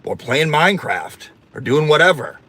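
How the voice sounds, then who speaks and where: A man's voice: fairly high pitch, big pitch swings, moderate pace, fairly bright tone. A man hosting a casual livestream, campy and sassy, swearing freely and reading out viewer comments. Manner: reads viewer comments aloud. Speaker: livestream host.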